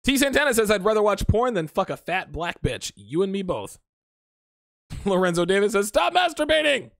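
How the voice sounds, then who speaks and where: A man's voice: high voice, lively intonation, normal speed, no room sound, clean studio sound. A grown man hosting a casual livestream, reading chat comments aloud and answering them bluntly and profanely, often laughing. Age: adult.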